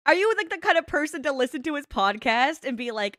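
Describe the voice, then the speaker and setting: A woman reacts to a video in loose, rambling chat, swearing freely and giggling. Her fairly high voice jumps around with animated intonation. The sound is close and dry. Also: quick pace, few pauses, no room sound.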